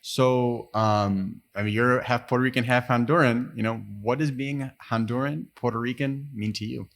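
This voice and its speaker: A man hosting a podcast interview, speaking in a reflective, thoughtful way with frequent pauses and fillers. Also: medium pitch, steady tone. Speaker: podcast host. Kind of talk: conversational interview.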